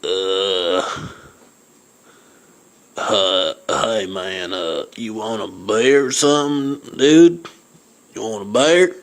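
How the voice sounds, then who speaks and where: A man's voice: lowish voice, very slow, pauses often. A man voicing a laid-back male neighbor in a homemade cartoon, who drinks beer and drawls with lots of "uh" fillers.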